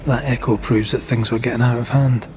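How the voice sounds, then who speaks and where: A man's voice: medium pitch, fairly even intonation, a little fast, a little mellow, slight background noise, natural voice. Ghost hunter voiced by a man. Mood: reasoning. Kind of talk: video game voice acting.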